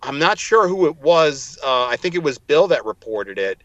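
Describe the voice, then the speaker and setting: A man's voice: fairly high pitch, sing-song, moderate pace, fairly bright tone, no room sound, lo-fi sound. A man co-hosting a casual chat, animatedly retelling scenes and acting out the quoted lines. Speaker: podcast co-host.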